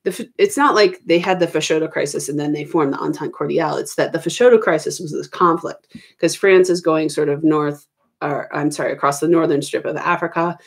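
A middle-aged woman reviewing history for an exam, explaining casually with many ums and quick self-corrections, recorded at home. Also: deep voice, fairly even intonation, creaky, husky. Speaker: history teacher. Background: children arguing in the background.

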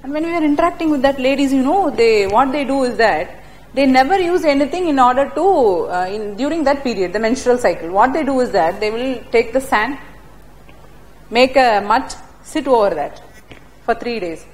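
A woman's voice: high-pitched, moderate pace, low-quality recording. A middle-aged woman with an Indian English accent, teaching an ethics class and telling personal stories with tag questions and many restarts. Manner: animated storytelling, fillers and tag questions like "na?" and "huh?"; speaks non-native English with frequent restarts.

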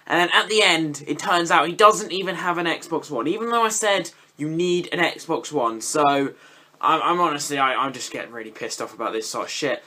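A young man giving live gameplay commentary, swearing and breaking into high yelps at big moments. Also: pushed and bright, slight background noise. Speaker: gaming YouTuber.

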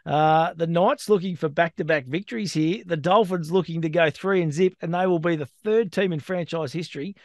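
Aussie bloke with a high voice, reads out footy odds and stats, pretty matey, dry close sound. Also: male voice, brisk, few pauses, dry recording. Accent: Australian. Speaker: co-host. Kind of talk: sports betting podcast chat.

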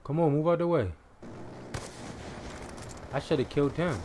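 A young man giving live gameplay commentary in a casual, excitable way, swearing and bursting into shouts. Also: on the high side, normal speed, slight background noise. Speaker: gaming commentator.

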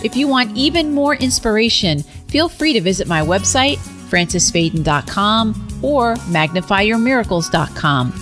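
A woman's voice: mid-range voice, expressive, moderate pace, few pauses. Female podcast host, friendly outro read, light music underneath. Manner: grateful, friendly sign-off. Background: soft music.

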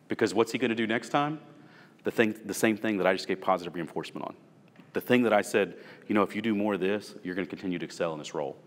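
Leading a workplace training talk for supervisors, a man with a lowish voice speaks conversationally, drawing on stories from his own job and asking the group rhetorical questions. The recording has a long reverb tail.

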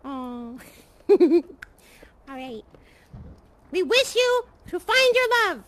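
A young woman chatting casually while role-playing in a VR game, her voice pitched very high. She speaks in an unhurried, soothing way, trailing off into sighs and fillers as she comforts the creatures around her. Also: big pitch swings. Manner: soft, comforting, hesitant with many ums and sighs. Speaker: VR game streamer.

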